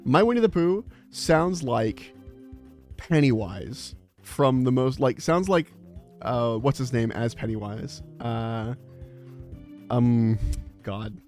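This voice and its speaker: A man's voice: medium pitch, expressive, slow, a little mellow, soft background music. A man chatting casually on a live stream, rambling with many fillers.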